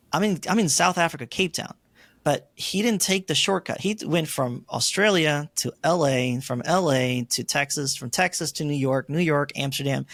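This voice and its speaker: Animated storytelling man, slightly high voice. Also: no echo. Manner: animated storyteller, acts out his own quoted lines. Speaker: interview guest. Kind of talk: storytelling in an interview.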